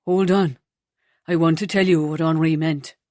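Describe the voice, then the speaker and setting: Woman voicing a shy, gentle young man. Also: low-pitched, steady tone, moderate pace, no room sound, clean studio sound, pitched below the performer's own voice, lightly acted. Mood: shy, tender.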